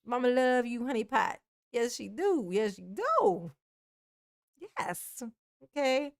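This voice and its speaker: Slow-drawling woman calling herself Mama. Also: on the high side, very animated, gravelly. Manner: drawling, affectionate, calls herself Mama, laughs often. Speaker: YouTube channel host. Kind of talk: casual livestream sign-off to viewers.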